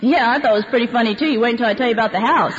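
A woman's voice: a little high, very fast. A woman speaking at a recovery meeting, telling her story candidly and laughing often as she goes. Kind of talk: personal testimony to a recovery meeting. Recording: echoey hall, dull lo-fi sound, faint background noise.

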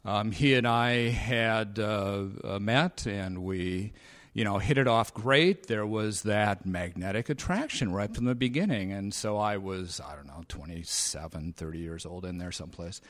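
Man, 50s, convention talk; low voice, hesitant, bone-dry wit. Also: fairly bright tone, dry recording. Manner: halting, frequent fillers, dry sarcastic humor. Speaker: speaker sharing recovery story. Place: convention meeting room.

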